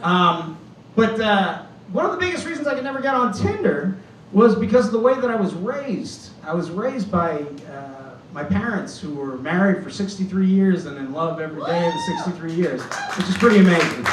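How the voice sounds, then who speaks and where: A man in his fifties performs a stand-up story, acting out the voices of the people in it. His voice sits a little high, and it reaches the mic from across an echoey club, with constant ambience underneath. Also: animated, moderate pace, distant mic, a little hiss or hum. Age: 50s. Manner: storytelling, acts out quoted voices. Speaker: stand-up comedian. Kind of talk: stand-up set. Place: comedy club stage.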